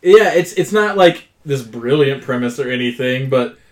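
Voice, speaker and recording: A man co-hosting a casual movie podcast, animated and swearing a lot. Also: medium pitch, normal speed. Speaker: podcast co-host. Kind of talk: casual chat.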